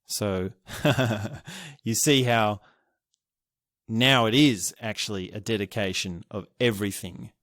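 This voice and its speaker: Male podcast host, solo reflective talk, lowish voice, unhurried, dry close sound. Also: dry recording. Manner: musing, thinking aloud with restarts and soft chuckles.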